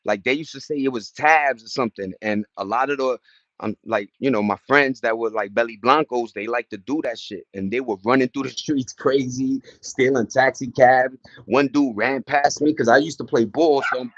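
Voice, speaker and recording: A man's voice: mid-range voice, normal speed, fairly bright tone, dull audio. A middle-aged man hosting a livestream, telling loose, slangy stories in casual chat and greeting viewers from the chat between them. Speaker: livestream host.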